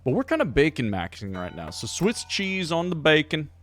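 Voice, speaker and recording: A man's voice: on the high side, huge pitch swings, moderate pace, fairly bright tone, faint music behind. Playful man streaming a game. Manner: playful, silly voices, thinking aloud. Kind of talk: live gameplay commentary.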